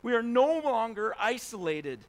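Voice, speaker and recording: A man's voice: very high-pitched, sing-song, unhurried. A man preaching a sermon in a conversational way, asking rhetorical questions and acting out quotes. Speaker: pastor.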